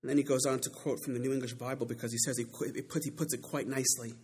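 A man preaching a sermon with emphatic delivery that builds to loud climaxes and slows down to stress key words. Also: mid-range voice, level tone, slightly rough.

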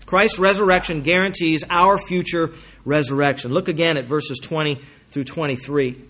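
A pastor preaches an emphatic sermon in a fairly high, steady voice. He slows down to stress key phrases and swings between forceful and quiet passages.

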